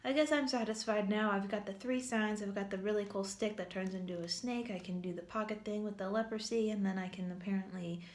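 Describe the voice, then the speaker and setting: A woman's voice: mid-range voice, fairly even intonation, fairly quick, few pauses, darkish tone, roomy sound, natural voice. A woman voicing a reluctant, anxious biblical man in casual modern slang, hesitant and self-doubting. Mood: resigned.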